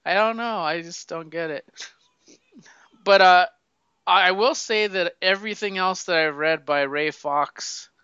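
A man talks comics in loose, profane banter, laughing easily and tripping over his words. His voice is bright and crisp, a little higher than most. The recording is dry and slightly dull, lo-fi. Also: measured pace, no room sound. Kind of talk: casual comic book chat.

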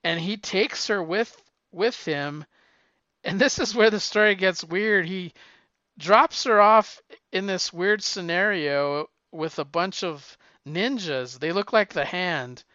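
A man chats about what he has been reading, rambling and halting, with many restarts and fillers. His voice sits a little high and sounds bright and crisp. The recording is dry but slightly dull and lo-fi. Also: no room sound. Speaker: podcast co-host reviewing comics. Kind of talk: casual chat.

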